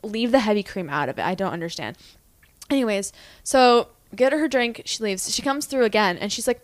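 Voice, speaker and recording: Female co-host, expressive talker, dry close-miked voice. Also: fairly high pitch, fairly quick, no room sound. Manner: expressive, mimics people in her stories. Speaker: podcast co-host. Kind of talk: casual chat.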